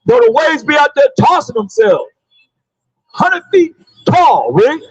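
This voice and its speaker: A man preaching loudly outdoors on a city sidewalk, calling out verses for a reader to read. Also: extremely high pitch, huge pitch swings, measured pace, dry recording, lo-fi sound. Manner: loud, preachy, calls on a reader and repeats the verses. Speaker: street preacher. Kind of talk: open-air street preaching.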